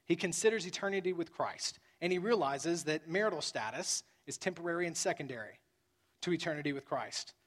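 A man's voice: a little high, animated, fairly quick, fairly bright tone. A man preaching a sermon as pastor, earnest and building to emphatic peaks.

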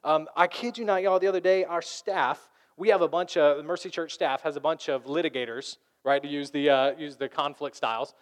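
Animated man preaching a sermon. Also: fairly high pitch, brisk, hardly any pauses. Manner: animated, acts out voices of arguing people. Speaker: pastor.

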